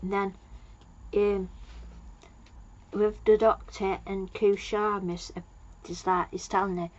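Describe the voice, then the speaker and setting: A woman's voice: medium pitch, steady tone, measured pace, darkish tone, muffled recording. A woman giving a casual, rambling recap of a TV episode as a reviewer. She loses her place and fills gaps with "um" and "like".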